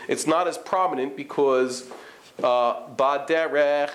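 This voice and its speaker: A man's voice: a little high, a little slow, slight background noise. A man, a rabbi giving a live class, explaining and demonstrating vowel sounds while checking in with his students. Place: study hall classroom. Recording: echoey room.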